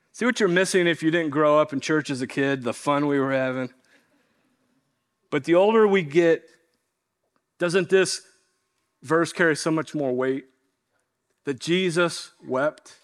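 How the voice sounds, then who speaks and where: High-voiced man preaching a sermon. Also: fairly bright tone. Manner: earnest, slows down to stress key lines. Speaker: pastor.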